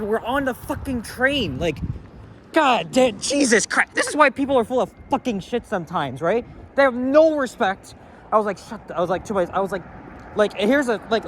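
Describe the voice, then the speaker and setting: Man, high-pitched, angry profane rambling walk-and-talk vlog, faint traffic noise behind. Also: a bit bright. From Canada. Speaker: walking vlogger. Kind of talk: casual ranting walk-and-talk. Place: city street outdoors near traffic.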